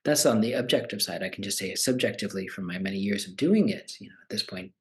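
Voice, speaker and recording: A man's voice: fairly low pitch, quick pace. A man in his forties, a meditation teacher, talking casually and animatedly, acting out the voices of people he quotes. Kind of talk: conversational talk.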